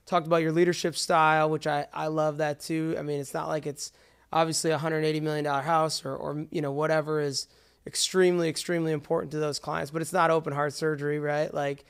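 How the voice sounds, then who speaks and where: This is a male podcast host with a smooth, clear voice pitched on the higher side. He sounds eager and encouraging but stumbles and restarts his questions. The tone is a loose, friendly interview. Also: little pitch movement. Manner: enthusiastic, halting, restarts often.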